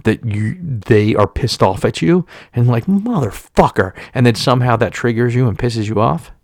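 Gravelly man telling a rambling story. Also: mid-range voice, normal speed, a little mellow, no room sound, studio quality. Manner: rambling, profane, self-interrupting. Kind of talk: casual storytelling.

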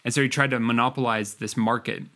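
A man's voice: medium pitch, fairly even intonation, quick pace, sharp tone. A man co-hosting a podcast, telling a history story in a casual, rambling way with many fillers. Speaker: podcast co-host presenting the story.

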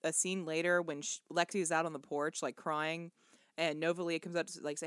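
A woman with a slightly low voice gives relaxed, critical opinions on a movie in casual podcast chat. Her voice sounds dry and close, with no room sound around it. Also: brisk, clean tone, no room sound. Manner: relaxed, critical, laughs along. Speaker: podcast co-host.

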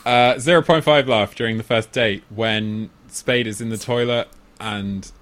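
Chatty man counting laughs. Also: a little slow. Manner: amused, acts out quoted lines in loud squeaky voices. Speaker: podcast co-host. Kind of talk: casual chat reviewing a comedy film.

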